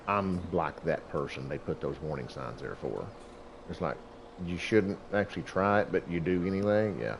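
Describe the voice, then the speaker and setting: A man's voice: low voice, darkish tone, a little hiss or hum. A middle-aged man who hosts a gaming channel, telling a rambling story about himself over gameplay, folksy and chuckling often.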